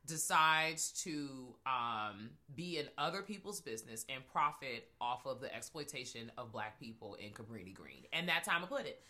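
A woman co-hosting a podcast, chatting casually and profanely about a horror film, cackling and animated. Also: extremely low pitch, moderate pace, hardly any pauses. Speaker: podcast co-host. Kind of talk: casual chat.

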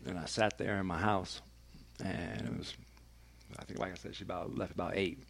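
A man's voice: low-pitched, fairly even intonation, moderate pace, creaky, fairly bright tone, slight background noise. A man, a radio personality, telling a candid and emphatic personal story as a podcast guest, swearing freely.

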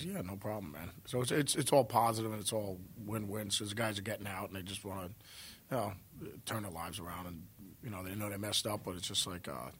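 A little hiss or hum sits under this man's lowish voice. He's a New Jersey guest musician in a laid-back interview, rambling, swearing without restraint, and laughing as he tells his stories.

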